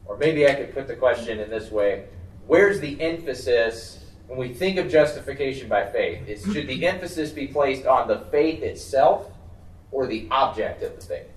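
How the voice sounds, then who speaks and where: Male Bible study leader, mid-pitched, conversational, lots of fillers and restarts, distant mic in an echoey room. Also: animated, moderate pace. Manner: thinks aloud with many fillers and restarts. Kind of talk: conversational teaching. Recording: roomy, distant mic, faint background noise.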